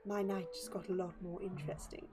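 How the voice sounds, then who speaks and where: A woman voicing a composed, sultry female lounge singer in a low, smooth, teasing voice, with game music behind. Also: level tone, fairly quick, natural voice.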